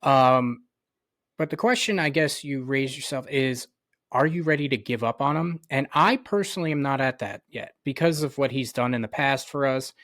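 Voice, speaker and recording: A man co-hosting a sports podcast in casual chat, measured and full of "um" and "you know". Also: mid-range voice, a bit bright, dry recording, studio quality. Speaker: podcast co-host.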